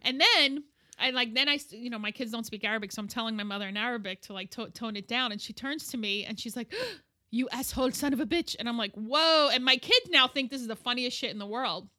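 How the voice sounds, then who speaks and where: A middle-aged woman tells a candid personal story as an interview guest. Her voice is bright and sits a little high. She is animated and acts out the people she quotes. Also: fast.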